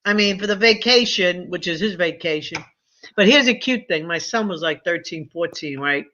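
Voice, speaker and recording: A woman in her seventies tells stories in casual chat, slipping into lively quoted voices. Her voice is bright and clear in tone. The recording sounds dull and lo-fi. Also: on the low side, normal speed. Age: 70s. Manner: chatty storyteller, animated quoted voices.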